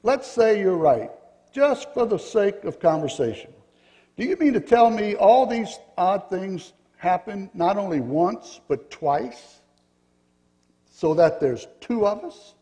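A man's voice: sits high, lively intonation, slow, dark tone, long reverb tail. A man voicing a pink wooden figure who keeps asking skeptical questions in a storybook reading. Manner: curious, skeptical, pressing questions.

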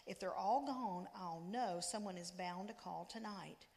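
A woman voicing a calm, reasoning mother in a story read aloud. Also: fairly low pitch, measured pace, long reverb tail.

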